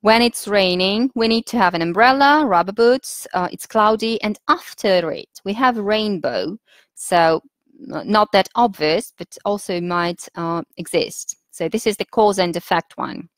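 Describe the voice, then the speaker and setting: A woman with a Russian accent leading a webinar lesson for teachers, patient and instructive, pausing often with fillers as she thinks. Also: mid-range voice, no room sound. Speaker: teacher trainer.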